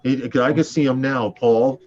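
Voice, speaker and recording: A man hosts a casual online chat with friends. He talks quickly and teases his guests. His voice sits in a middle register, and the audio is dull and lo-fi. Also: medium pitch. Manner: animated, teasing, fast talker. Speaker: host. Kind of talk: casual group chat show.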